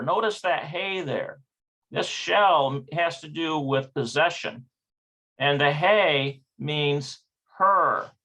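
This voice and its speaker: Slow, gravelly man teaching a lesson. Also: fairly high pitch, sharp tone. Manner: hesitant, thinking aloud, checking pronunciations. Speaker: Hebrew teacher. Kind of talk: slow online language lesson.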